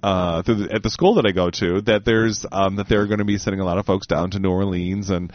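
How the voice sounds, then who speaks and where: A man's voice: low voice, fairly even intonation, fast talker, no room sound. Male co-host, casual chat, rambling and campy, dull dry lo-fi sound. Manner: rambling, fills with "like" and "or whatever"; jokey, playfully camp.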